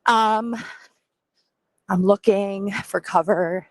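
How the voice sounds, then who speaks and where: A woman phones in live from a rainy city street as a contestant on a live show, sounding self-conscious and hesitant and laughing nervously. Her medium-pitched voice is fairly even in intonation and very slow. The recording is low quality, with no room sound.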